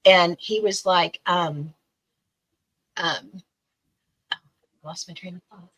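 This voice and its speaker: A middle-aged woman tells a long personal story on a podcast, voice bright and forward, pitched a little low. She talks animatedly and slips into the voices of the people she quotes. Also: steady tone, slow, rough recording. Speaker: guest.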